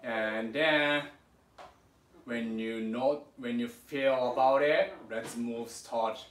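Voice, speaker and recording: A man with a Japanese accent leads a livestreamed sword lesson from home. He talks haltingly, with many fillers, coaching and reassuring his students. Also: mid-range voice, steady tone, slight background noise. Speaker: sword instructor.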